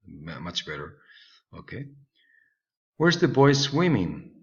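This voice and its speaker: A Spanish-speaking man patiently teaches an English lesson online, frequently asking "okay?" to check in. His low voice has a sing-song quality and an unhurried pace, captured on a slightly dull lo-fi recording.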